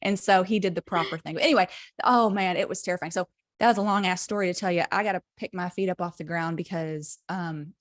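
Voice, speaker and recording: A woman podcast co-host in her thirties, chatting casually and telling an animated story, swearing freely. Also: fairly low pitch, fast, dry recording, clean studio sound. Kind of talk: casual chat.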